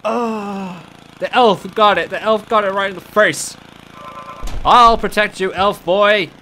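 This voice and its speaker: A man's voice: high voice, fairly even intonation, slow, sharp tone, faint music behind. A man hosting his own gaming channel, giving playful, exclamatory commentary while he plays and talking to the game. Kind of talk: casual gameplay commentary.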